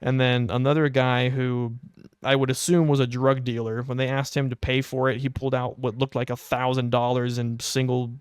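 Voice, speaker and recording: Young man, podcast host, casual anecdote, wry and animated, smooth resonant voice, dry close sound. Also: mid-range voice, normal speed, dry recording. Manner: animated, wry storytelling with quoted asides.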